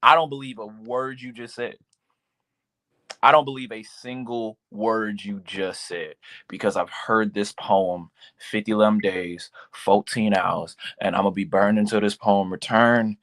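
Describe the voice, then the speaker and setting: A man's voice: on the low side, fairly even intonation, measured pace, a bit bright. A young man judging a poetry slam live, giving a candid critique in slangy, joking talk. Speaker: judge.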